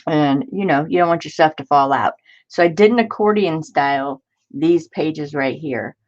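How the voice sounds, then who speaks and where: Woman, crafting stream host, casual live chat, excitable, chatty, somewhat low voice, muffled lo-fi audio. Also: normal speed. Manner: chatty and excitable, greets viewers by name.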